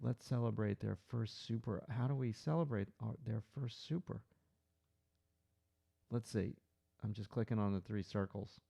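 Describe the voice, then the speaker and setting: Gravelly man teaching drawing live. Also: lowish voice, moderate pace, warm tone, no room sound. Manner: thinks aloud while drawing, talks to viewers in chat. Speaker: art instructor hosting a live stream. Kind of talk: live drawing tutorial, chatting with viewers.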